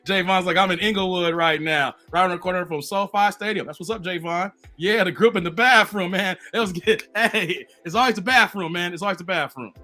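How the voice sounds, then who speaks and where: A man's voice: high-pitched, brisk, few pauses, bright, forceful tone. A man hosting a casual live stream, joking around, laughing often and reading viewer comments aloud. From Chicago.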